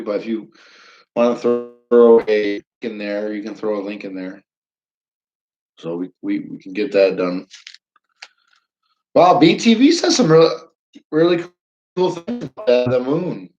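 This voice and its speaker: A man's voice: medium pitch, muffled recording. A man hosting a live stream, chatting casually with viewers, reading their comments aloud and repeating himself as he rambles.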